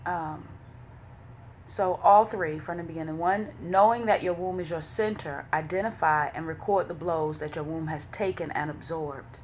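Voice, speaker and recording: A woman's voice: sits low, normal speed, a little hiss or hum. A woman talking casually as a vlogger. She speaks candidly and emotionally, swears freely and uses many fillers. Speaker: vlogger leading a women's wellness study. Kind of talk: casual spoken commentary.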